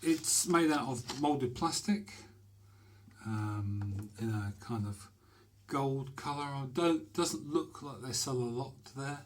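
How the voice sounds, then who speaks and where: Describing a shaving brush to camera from a cramped bathroom, this British vlogger is chatty, hesitant, and full of fillers. He speaks slowly in a mid-range voice, with a little hiss or hum on the recording.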